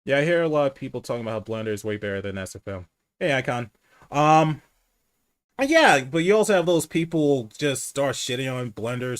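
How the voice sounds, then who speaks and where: Candid and foul-mouthed, this man runs a casual livestream chat and admits he speaks low and rambles with restarts. He sounds expressive and talks fairly quickly.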